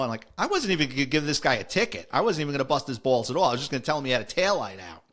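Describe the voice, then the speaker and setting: A man's voice: mid-range voice, rapid-fire. New man telling cop stories. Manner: animated, acts out the people he quotes. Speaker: retired police officer telling stories. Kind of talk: casual storytelling.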